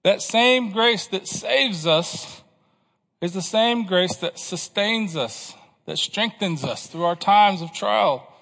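A man's voice: high-pitched, slow pace, vocal fry, fairly bright tone, in a large hall. A man preaching a sermon to his congregation, asking questions and pressing his points with emphasis. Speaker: pastor.

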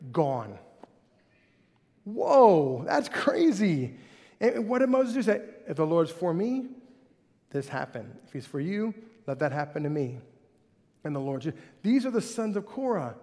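A male pastor preaching a sermon with animated, conversational delivery that swings between loud and soft. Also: sits high. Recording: hall reverb.

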